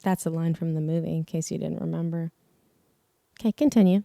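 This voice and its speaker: A woman's voice: deep voice, fairly even intonation, brisk, gravelly, mellow, no room sound, clean studio sound. A woman co-hosting a casual film podcast, playful and enthusiastic, teasing her co-host.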